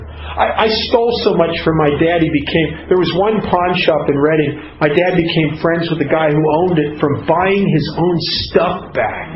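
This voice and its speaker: A man's voice: fairly high pitch, moderate pace, few pauses. A man telling his own recovery story to a group, in an earnest, confessional way. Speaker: recovery speaker. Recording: echoey, muffled, noisy hall recording.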